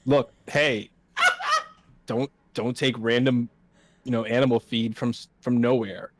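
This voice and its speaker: A man's voice: medium pitch, steady tone, unhurried, slight background noise. A man playing a tabletop role-playing game, talking in a rambling, hesitant way. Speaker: player. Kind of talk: casual role-play talk in character.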